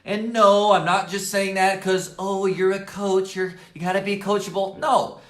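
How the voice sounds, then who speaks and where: A network marketing coach sits at his office desk giving a motivational talk to camera in a high, slightly hoarse voice. He's energetic and emphatic, repeats key points, and fills pauses with "right?" and "okay?", while the room adds a roomy echo.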